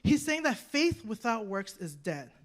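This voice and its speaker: A woman in her thirties preaching a sermon, telling a personal story with lively, acted-out quotes and frequent rhetorical questions. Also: on the high side, unhurried. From United States. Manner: animated storytelling, acting out quoted voices, rhetorical "right?". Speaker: guest preacher.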